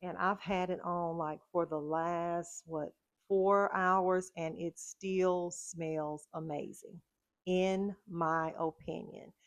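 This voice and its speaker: Woman vlogger, lowish voice, dry close mic, chatty storyteller. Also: fairly even intonation, slow pace, dry recording. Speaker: fragrance vlogger. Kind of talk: casual chat.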